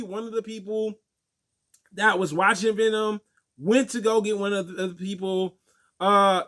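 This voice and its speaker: A young man telling stories and answering viewer questions in a casual, animated way, laughing often. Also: high-pitched. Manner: animated storytelling, laughs often, acts out quotes. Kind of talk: casual chat.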